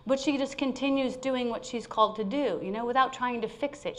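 A woman giving an informal spiritual sermon, conversational and laughing often as she tells a story. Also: a little high. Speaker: spiritual speaker.

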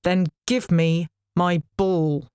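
A woman's voice: fairly low pitch, brisk, a little mellow, dry recording, natural voice. A woman voicing a spoiled goddess of love who demands what she wants. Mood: demanding. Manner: demanding, haughty.

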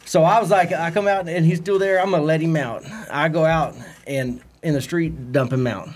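A man's voice: on the high side, fairly even intonation, normal speed. A man with a Texan accent telling a rambling, profane story on a podcast, acting out what others said. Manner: profane, rambling anecdotes with acted-out quotes. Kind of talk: casual storytelling.

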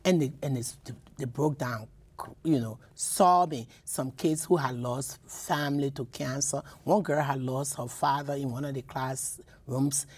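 Her bass voice is steady, unhurried, a little mellow and slightly rough as this Liberian poet and professor tells personal stories in a radio interview. Emotion runs through it, with many repeated words and restarts.

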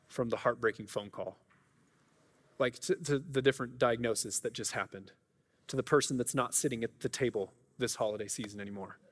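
Earnest and conversational, a male pastor with a medium-pitched, slightly rough voice delivers a sermon in a church sanctuary, often starting his sentences over. The recording carries the echo of the church hall.

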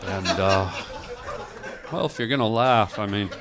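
A man's voice: on the low side, unhurried. A man doing improvised stand-up in a club, telling an absurd tragic story with mock grief and snapping at the audience now and then. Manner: deadpan mock-grief storytelling, mock-angry outbursts at the crowd. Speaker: stand-up comedian. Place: comedy club stage with a laughing audience.

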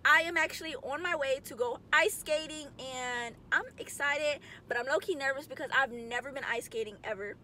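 A woman's voice: high voice, normal speed, hardly any pauses, sharp tone, a little hiss or hum. A young woman vlogging to camera while driving, chatty, upbeat and full of slang. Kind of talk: casual chat to camera. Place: in a car, driving.

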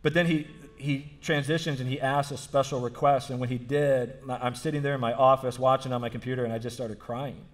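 A man's voice: medium pitch, fairly even intonation, fairly quick, few pauses. A man preaching a sermon as pastor, telling a story earnestly and repeating phrases for emphasis. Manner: frequent restarts and fillers like "like".

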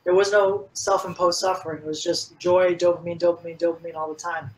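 A man's voice: sits high, fairly quick, poor audio. A man being interviewed as a fitness coach, speaking casually and with energy, and filling his talk with "like". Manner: energetic, animated storytelling with many "like"s.

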